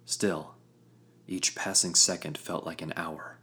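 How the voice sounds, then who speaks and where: A man narrating a fantasy story in the first person, with a measured, grave storytelling manner. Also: deep voice, fairly even intonation, sharp tone, breathy edge. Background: background music.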